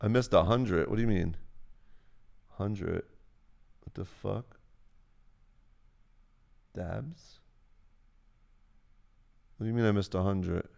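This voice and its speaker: A man's voice: low-pitched, slow, vocal fry, long pauses, darkish tone. A young man on a live stream, casually telling a rambling, profane story. He often acts out what people said in a raised voice.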